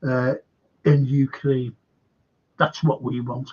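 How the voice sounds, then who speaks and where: A man with a gravelly, husky voice hosts a casual livestream. He rambles and reads viewer comments aloud, often trailing off mid-thought. The audio is dull and lo-fi. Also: a little high, unhurried, a little mellow. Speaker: livestream host. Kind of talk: casual current-affairs livestream chat.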